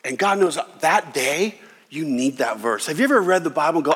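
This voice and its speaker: Pastor preaching in a reverberant hall. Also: male voice, a little high, a little fast, slightly rough. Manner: animated preaching with acted voices of Jesus and God. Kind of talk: sermon.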